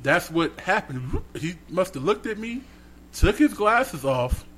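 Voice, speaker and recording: Animated man telling a story. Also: high-pitched, measured pace, noisy background. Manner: animated storyteller, acts out voices. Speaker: podcast co-host. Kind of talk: casual storytelling chat.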